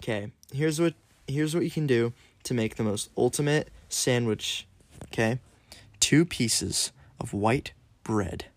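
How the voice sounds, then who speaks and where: A man's voice: medium pitch, unhurried, no room sound. A man co-hosting a casual chat, rambling and playful, filling his talk with "like". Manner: rambling, many "like" fillers, playful. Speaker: co-host.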